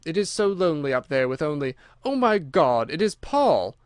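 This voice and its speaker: A man's voice: fairly high pitch, quick pace, darkish tone, clean tone, no room sound, clean studio sound, natural voice. Lonely female captive, pleading, as a male audiobook reader puts her on. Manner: pleading, breaking off. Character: anxious woman, lonely captive.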